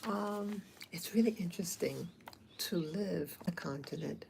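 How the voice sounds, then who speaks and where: A woman's voice: lowish voice, a little slow, darkish tone, slight background noise, rough recording. A woman talking casually to her viewers, rambling and hesitant with many fillers. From abroad, not from Africa. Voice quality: gravelly. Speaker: vlogger. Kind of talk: casual talk to camera.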